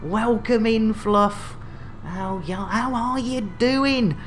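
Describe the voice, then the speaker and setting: Chatting casually on a live stream, a game streamer keeps up jolly showman patter peppered with playful catchphrases. The voice is medium-pitched and slow, with slight background noise.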